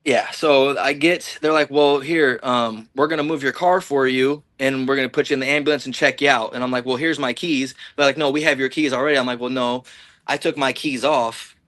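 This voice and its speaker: A podcast guest from the Illinois-Iowa border tells a long personal story, rambling and profane, acting out what people said. His mid-range voice is steady, fairly bright and a little fast, on a dry recording.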